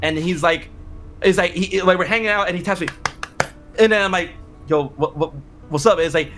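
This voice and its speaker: Upbeat, bright-voiced man telling stories. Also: sits high, soft background music. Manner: animated, fast, many restarts and quoted exclamations. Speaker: interview guest, content creator. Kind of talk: casual storytelling interview.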